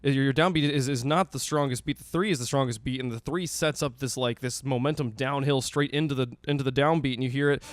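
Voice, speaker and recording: A man's voice: mid-range voice, fairly even intonation, fast, few pauses. A young man casually explaining music theory with enthusiasm, full of restarts, counting beats aloud. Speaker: music vlogger.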